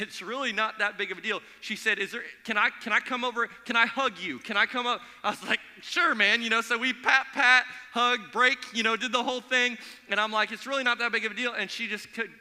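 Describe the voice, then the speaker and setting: High, bright-voiced pastor in a reverberant hall. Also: male voice. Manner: energetic, conversational storytelling. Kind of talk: sermon. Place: church sanctuary.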